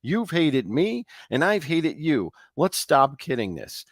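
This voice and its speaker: A man voicing a cold, emotionless wife who speaks in a flat, matter-of-fact way. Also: on the high side, slow pace, dry recording, studio quality, pitched above the performer's own voice, exaggerated voice. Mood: coldly blunt.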